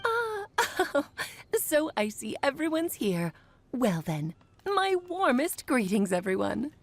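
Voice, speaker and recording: Here is a grand female mage from a video game, with a showy, teasing storyteller's flair. Her voice sits a touch high and moves in lively swoops. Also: slow pace, slight background noise, exaggerated voice.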